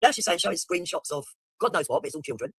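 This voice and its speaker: Husky guy rattling off sneering reaction commentary, dry close sound. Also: fairly high pitch, sing-song, fast, sharp tone, no echo. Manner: blunt, mocking and profane.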